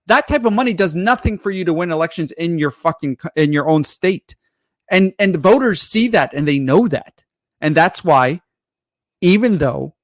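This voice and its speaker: A man with a fairly high voice rants scornfully and profanely as a podcast co-host. The sound is dry and close. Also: animated, normal speed, no echo. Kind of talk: casual political rant.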